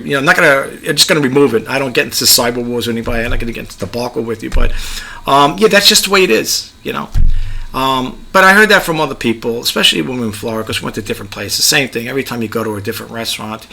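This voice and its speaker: This man's voice is medium-pitched, creaky, and sharp in tone. Middle-aged and New York-accented, he's a YouTube creator delivering a chatty advice monologue that wanders and keeps circling back to the same points.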